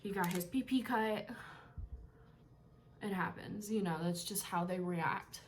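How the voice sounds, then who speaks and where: A woman's voice: medium pitch, a little slow, slight background noise. A young woman vlogging from her bedroom, telling a personal story in a candid, rambling way, with casual swearing and moments of emotion. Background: faint TV sound playing.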